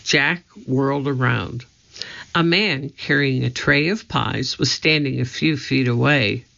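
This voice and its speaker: A man reading a children's story aloud in a steady, scripted narration. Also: medium pitch, a little slow, vocal fry. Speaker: audiobook narrator. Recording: slightly dull lo-fi audio.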